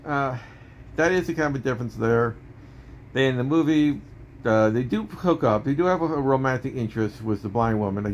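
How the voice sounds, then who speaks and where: A man's voice: medium pitch, slight background noise. A man reviewing movies in a casual, rambling way, often correcting himself and using many fillers.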